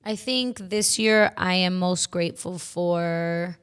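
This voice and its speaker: A woman's voice: on the low side, slow, clear, resonant tone. A woman co-hosting a podcast, talking in a heartfelt, casual way with many filler words. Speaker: podcast co-host. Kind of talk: casual chat.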